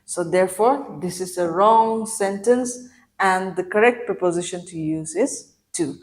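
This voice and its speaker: A woman teacher working through a grammar lesson in a clear, explanatory way. She keeps asking her listeners questions. She reads each example sentence slowly, stressing the words. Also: fairly low pitch. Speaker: English teacher.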